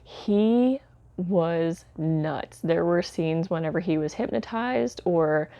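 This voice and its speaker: A woman's voice: fairly low pitch, slow pace, warm tone, dry recording. A woman giving a casual spoken film review, chatty and candid, with lots of fillers like "um" and "like". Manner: candid, mildly sardonic asides. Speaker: home video reviewer.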